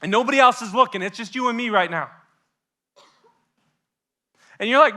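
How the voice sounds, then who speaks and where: A young male youth pastor preaching a sermon with passion, swinging between loud and hushed and acting out what his listeners might be thinking. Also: very high voice, moderate pace, long pauses. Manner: acts out listeners' inner voices.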